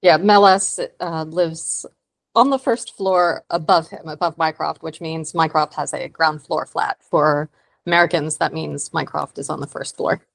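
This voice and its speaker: A woman's voice: low voice, fairly even intonation, unhurried, gravelly. A woman co-hosting a podcast in casual chat, adding wry asides and trivia. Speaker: podcast co-host.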